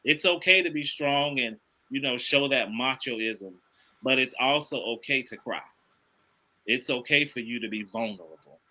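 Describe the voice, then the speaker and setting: Middle-aged man, bright and forceful tone, earnest preachy delivery, casual talk. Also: mid-range voice, moderate pace, rough recording. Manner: earnest, preachy, emphatic repetition. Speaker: podcast guest, father. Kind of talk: casual conversation.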